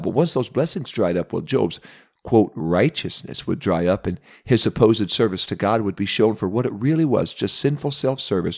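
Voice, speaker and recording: A man's voice: fairly low pitch, darkish tone. A man preaching a sermon, retelling a Bible story with dramatic pacing and acted character voices.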